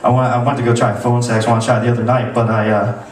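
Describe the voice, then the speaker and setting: A man's voice: mid-range voice, little pitch movement, very fast, far from the mic, a crowd in the background. A man doing a crude stand-up set in a comedy club, rambling with restarts. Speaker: stand-up comic. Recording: echoey club recorded from afar.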